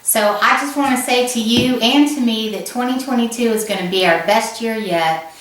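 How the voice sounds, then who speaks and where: A woman's voice: a little high, normal speed, a bit bright. A woman with a Southern US accent hosting a casual cooking vlog in her home kitchen, chatty and laughing at her own slip-ups. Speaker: cooking channel host. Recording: echoey kitchen, camera mic from a distance, background noise.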